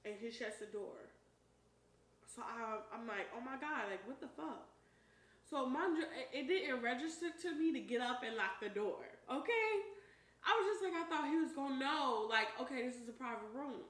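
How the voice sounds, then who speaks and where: Animated woman vlogger, roomy and distant. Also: high voice, moderate pace. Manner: animated, emphatic, profane storytelling with shouted quotes. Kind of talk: storytime while eating on camera. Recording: roomy echo, voice a bit far from the mic, faint noise.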